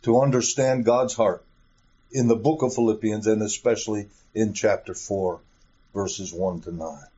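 Slow, emphatic male preacher on a dull recording. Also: lowish voice, steady tone, mellow, husky. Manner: emphatic, with rhetorical questions and repeated phrases. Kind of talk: sermon.

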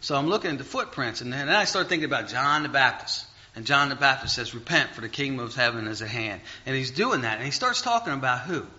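A man's voice: mid-range voice, lively intonation, fast talker, hardly any pauses, pushed and bright, dull audio. A man preaching a sermon, telling a personal story and asking the congregation rhetorical questions.

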